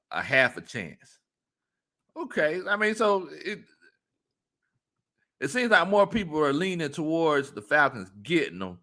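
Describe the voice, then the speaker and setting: Animated man hosting a sports stream. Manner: animated, laughs often, jumps into high-pitched squeals. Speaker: sports talk show host. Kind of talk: casual live-stream chat reading viewer comments.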